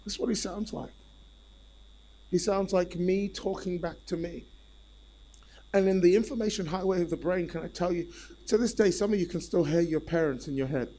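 Animated man preaching a sermon. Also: sits high, normal speed, pauses often, poor audio. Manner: animated, repetitive, calls on the congregation.

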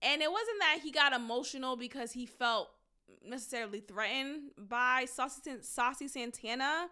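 A woman hosting a solo commentary podcast, talking in an emphatic, drawn-out, deliberate way. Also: high-pitched, sharp tone, smooth. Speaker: podcast host.

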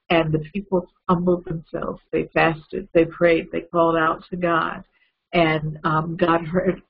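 A man preaching a lively, conversational Bible lesson, retelling a story with asides to his listeners. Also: high-pitched, vocal fry, dull audio, a little hiss or hum. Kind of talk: storytelling sermon.

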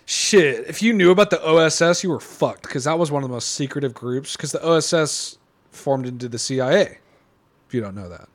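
A man chatting casually while watching a film, animated and laughing as he explains scenes. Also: a little high, fairly quick. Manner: animated, laughing, quoting lines. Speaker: movie watch-along commentator. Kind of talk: casual chat over a film.

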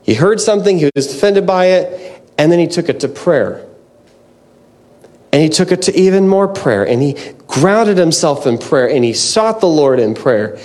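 Earnest, slightly high-voiced male preacher. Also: lively intonation, moderate pace, a little mellow. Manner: earnest, restarts often, says "man" and "like". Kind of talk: conversational sermon.

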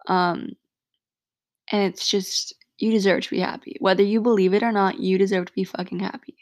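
A woman's voice: mid-range voice, flat delivery, moderate pace, a little mellow, dry recording, studio quality. A young woman hosting a solo podcast, talking frankly and from the heart, swearing freely and saying "like" a lot. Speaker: podcast host. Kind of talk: casual solo podcast monologue.

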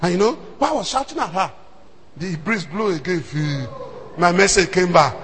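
A man with a Nigerian accent preaching a sermon, telling stories in an animated way that swings from hushed asides to shouts. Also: high voice, moderate pace, in a large hall, slight background noise. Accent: Nigerian, Yoruba-speaking. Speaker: pastor.

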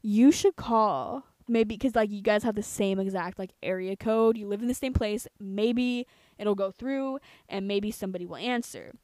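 A young woman in her twenties from the United States, telling a story on a podcast in a casual, profane, animated way. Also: medium pitch, moderate pace, no echo. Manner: profane, animated, quotes herself and others. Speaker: podcast co-host.

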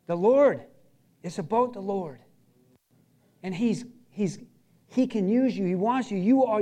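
A middle-aged man preaching a sermon as pastor, earnest, repeating short phrases and dropping from loud emphasis to a hush. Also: high voice.

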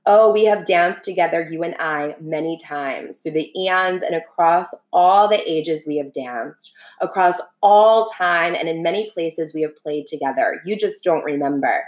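A woman voicing a kind, loving soul who talks softly and patiently. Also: low voice, measured pace, few pauses. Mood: tender. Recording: roomy echo.

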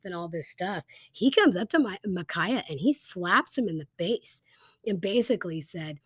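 A woman casually retelling a Bible story as a teacher, chatty and animated, with lots of fillers. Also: on the low side, normal speed, slightly rough, no room sound, clean studio sound.

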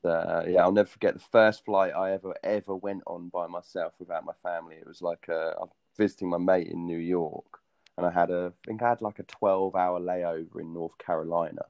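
A young English man in casual chat, telling a travel story with lively acted-out quotes. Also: low-pitched, brisk, dry recording. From Britain.

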